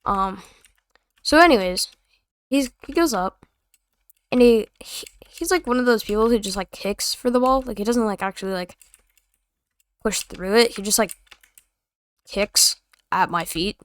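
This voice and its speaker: A woman's voice: mid-range voice, animated, a little slow, long pauses. A young woman telling a story in a casual, rambling, slangy and sarcastic way. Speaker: vlogger.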